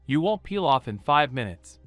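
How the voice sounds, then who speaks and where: A man voicing a bossy, sharp-tongued young kunoichi woman, curt and scornful. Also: fairly high pitch, sing-song, normal speed, dry recording, soft background music.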